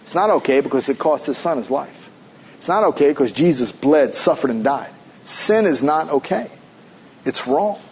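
A man preaching a sermon, animated, dropping to a hushed low voice when speaking for God. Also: moderate pace, dull audio, slight background noise. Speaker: pastor.

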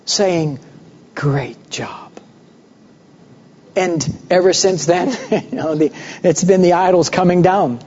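A man preaching a sermon, telling a personal story with animated voices for the people in it. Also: high voice. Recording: muffled recording with long hall reverb.

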